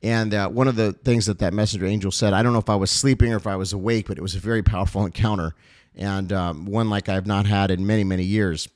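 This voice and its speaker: A man's voice: on the low side, fairly even intonation, fast, darkish tone, no room sound, clean studio sound. A male pastor giving a heartfelt address to his ministry's supporters, earnest and emotional, often repeating phrases and using fillers.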